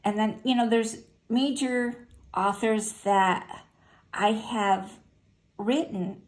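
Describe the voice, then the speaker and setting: An older woman talking casually, listing her favorite books in an unhurried way with fillers and short asides. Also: a little high, steady tone. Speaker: vlogger sharing favorite books. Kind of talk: casual spoken list.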